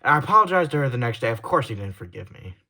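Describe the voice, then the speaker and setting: Young man in a heated, halting confession. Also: mid-range voice, very animated. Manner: heated, swearing, apologetic; halting restarts, trailing off quietly. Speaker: YouTuber. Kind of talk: confessional vlog monologue.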